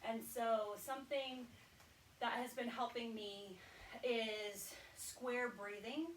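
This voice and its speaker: A woman exercise instructor calmly leading a breathing exercise and counting out each breath. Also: a little high. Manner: calm, encouraging, counts out breaths slowly. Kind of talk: guided breathing exercise class. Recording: roomy sound, voice from a distance, faint background noise.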